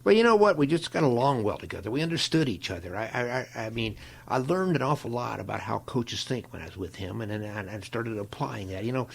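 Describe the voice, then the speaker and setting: An older man, a guest in an interview, telling stories in a folksy, animated way, with a gravelly, husky voice. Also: medium pitch, a little fast, hardly any pauses. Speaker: interview guest, longtime equipment manager. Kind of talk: storytelling in a conversation.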